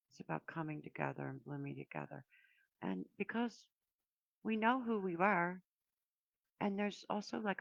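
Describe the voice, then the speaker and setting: Gravelly low-voiced woman reading cards. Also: dry recording, muffled recording. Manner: meandering, reflective, with frequent pauses and fillers. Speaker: oracle card reader. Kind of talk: casual spiritual card reading to viewers.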